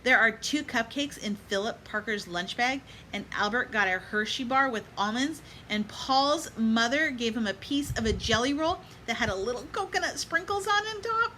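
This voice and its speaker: A woman reading a children's picture book aloud, stopping to give gentle life lessons to children and moms and inviting listeners to chant along. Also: on the high side, expressive, moderate pace, hardly any pauses, a little hiss or hum, rough recording. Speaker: storybook reader.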